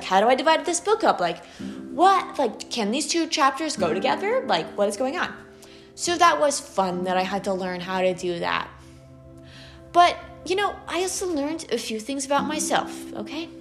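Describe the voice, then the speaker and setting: A young woman with a Valley Girl accent, hosting a student podcast in an animated, chatty way, full of "like" and "okay". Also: sits high. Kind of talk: casual solo podcast monologue.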